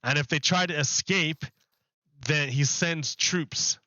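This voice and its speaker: A man's voice: a little high, takes it slowly, pushed and bright, no echo, muffled recording. A man chatting casually while livestreaming a game from his apartment, rambling and loose with his words. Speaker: game streamer. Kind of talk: casual live-stream chat. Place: home apartment.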